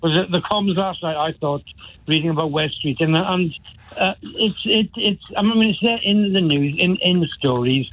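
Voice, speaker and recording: A man calling in to a talk show, talking haltingly with many restarts. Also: high voice, no room sound. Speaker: caller. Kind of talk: phone-in chat. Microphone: phone. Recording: tinny phone line.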